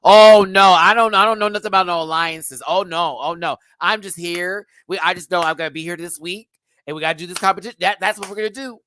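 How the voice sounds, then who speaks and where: A man doing an impression of a loud, sassy drag queen who brushes off talk of an alliance and keeps repeating herself. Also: high-pitched, fairly even intonation, quick pace, pitched above the performer's own voice. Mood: playfully evasive. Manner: brash, sassy, repeating itself.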